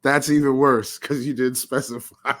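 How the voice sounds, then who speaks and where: A man's voice: mid-range voice, little pitch movement, normal speed, a bit bright. A man co-hosting a casual basketball podcast, laid-back and agreeable with lots of slang. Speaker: podcast co-host. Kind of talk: casual sports chat.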